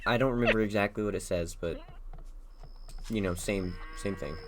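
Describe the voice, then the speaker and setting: A man's voice: lowish voice, normal speed, noisy background. A young man from Texas, a streamer chatting casually and asking joking interview questions while he plays a game. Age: young adult. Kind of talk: casual chat while gaming.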